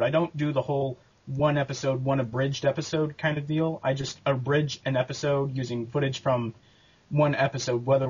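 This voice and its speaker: A man answering interview questions about making his abridged series, talking casually and haltingly with lots of fillers and restarts. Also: mid-range voice, darkish tone, slightly rough, highs cut off. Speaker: abridged series creator and voice actor.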